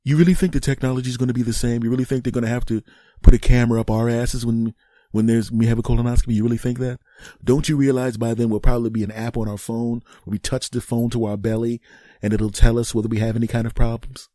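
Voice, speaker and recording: A man's voice: mid-range voice, little pitch movement, fast, warm tone, no echo, close to an everyday voice. Man putting on smug young bro caller, taunting, dry close sound. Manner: taunting, laughing while mocking. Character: cocky young male fan, mocking.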